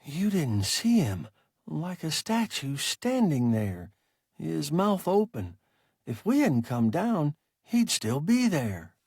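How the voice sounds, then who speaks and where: A man's voice: on the high side, big pitch swings, slow, darkish tone, slightly rough, no echo, studio quality, pitched above the performer's own voice, heavily acted. A man voicing a frightened, shaken spaceship crewman in an audiobook. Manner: shaken, uneasy.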